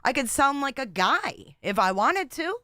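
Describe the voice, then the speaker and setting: A woman's voice: high-pitched, very animated, a little slow, pushed and bright, dry recording, clean studio sound. A woman hosting a casual livestream, talking in a blunt, repetitive and exasperated way. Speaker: livestream host.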